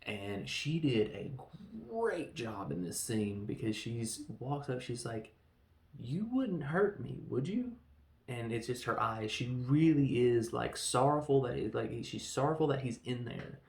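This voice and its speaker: A man hosting a casual film review, excitable and rambling, acting out scenes in quick voices. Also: medium pitch, vocal fry, reverberant. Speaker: podcast host reviewing a film.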